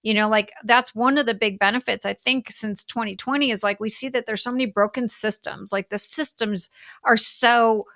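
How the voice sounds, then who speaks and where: A middle-aged woman, a business coach talking as a podcast guest, animated and full of "like" fillers. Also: on the high side, normal speed, no echo, studio quality. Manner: animated, heavy use of "like" fillers. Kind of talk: casual podcast interview chat.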